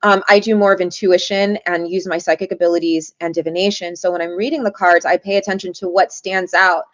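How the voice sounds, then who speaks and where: A woman's voice: fairly low pitch, a little fast, no echo. A woman guest telling stories in an interview, acting out the voices of people she quotes. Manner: lively, acts out quoted voices. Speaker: guest, shaman and tarot reader. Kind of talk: interview storytelling. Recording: dull lo-fi audio.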